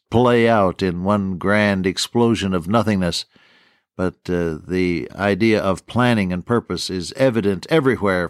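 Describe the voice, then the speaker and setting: A man's voice: fairly low pitch, no echo, clean studio sound. Folksy older radio Bible teacher, man. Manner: folksy, chuckling, storytelling.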